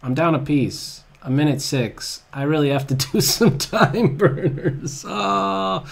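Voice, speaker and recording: A man giving live commentary on his own blitz chess game, excitable and groaning at his own blunders, at a desk microphone. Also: fairly high pitch, takes it slowly, gravelly.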